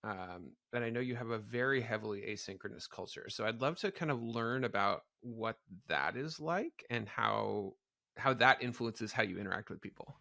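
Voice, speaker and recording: A man hosts an interview podcast, curious and enthusiastic. His voice has a gravelly fry and a bright, forward edge. The sound is dry and close, with no room echo. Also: on the low side, expressive, moderate pace. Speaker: podcast host. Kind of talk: interview conversation.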